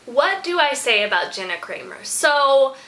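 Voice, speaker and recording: A woman hosting a music reaction vlog, rambling and thinking out loud in casual chat, now and then saying "y'all". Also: high-pitched, big pitch swings, unhurried, low-quality recording. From from a small country town.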